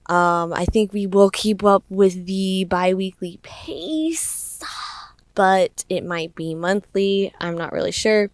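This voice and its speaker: A young woman hosting her own podcast, giving casual, expressive commentary and laughing often. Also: mid-range voice, takes it slowly, no room sound. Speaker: podcast host.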